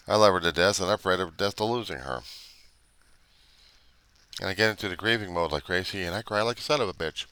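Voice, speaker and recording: A man's voice: sits low, fast, pauses often, pushed and bright, smooth, dry recording. A man talking unscripted to his camera about recovery, blunt and profane, rambling and questioning himself. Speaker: recovery video diarist. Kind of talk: unscripted confessional monologue.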